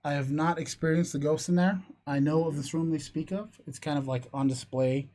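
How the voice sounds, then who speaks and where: A man on a podcast reading a ghost story aloud in a hushed, suspense-building way, stumbling over words now and then. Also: on the high side, fairly even intonation, brisk. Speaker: podcast co-host. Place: near Las Cruces, New Mexico.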